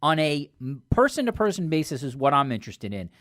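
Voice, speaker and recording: A man's voice: fairly high pitch, sing-song, fairly quick, a bit bright, dry recording, clean studio sound. A male radio host asking long, winding questions that hedge and restart as he goes. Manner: rambling, hedging questions full of restarts. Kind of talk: conversational radio interview. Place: radio studio.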